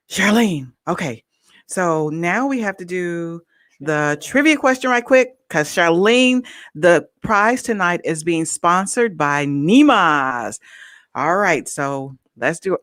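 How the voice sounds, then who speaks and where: A woman's voice: on the low side, a bit bright, dry recording, studio quality. Effusive woman hosting a live show. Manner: effusive, talks straight to viewers. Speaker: host of a live online show. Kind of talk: excited live-stream hosting.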